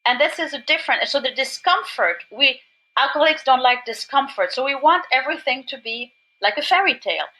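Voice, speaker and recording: A woman's voice: high voice, lively intonation, sharp tone, low-quality recording. A woman from Germany with a German accent, a podcast guest speaking English as a second language, telling her story with enthusiasm and many restarts. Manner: enthusiastic, rapid restarts and repeats. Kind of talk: animated recovery talk.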